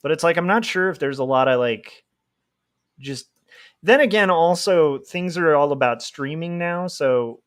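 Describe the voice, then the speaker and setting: A man's voice: a little high, expressive, unhurried. A young man chatting casually and rambling with lots of fillers while he draws on a livestream. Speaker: livestreaming comic artist.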